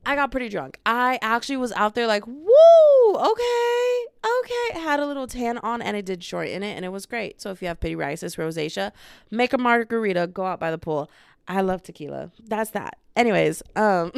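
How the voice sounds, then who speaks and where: A woman's voice: medium pitch, gravelly, clean tone, no echo, clean studio sound. A woman, hosting a casual podcast vlog from home and talking to a small handheld camera in a bubbly, rambling, self-mocking way. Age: 20s. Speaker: podcast host. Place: home room with bookshelf.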